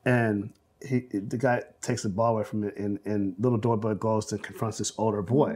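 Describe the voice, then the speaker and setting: A man in his forties from South Central Los Angeles, a film director telling anecdotes in an interview, animated and full of fillers, acting out quotes. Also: on the low side, normal speed. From South Central Los Angeles, USA. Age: 40s. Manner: animated storyteller, acts out quotes, many fillers. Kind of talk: oral history interview, anecdotal storytelling.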